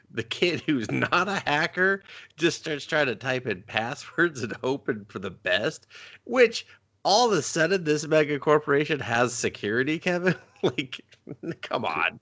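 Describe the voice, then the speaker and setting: A man co-hosting a movie review podcast, talking in a rambling, excitable way with lots of swearing and acted-out quotes. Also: on the high side, a little slow. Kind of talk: casual profane movie chat.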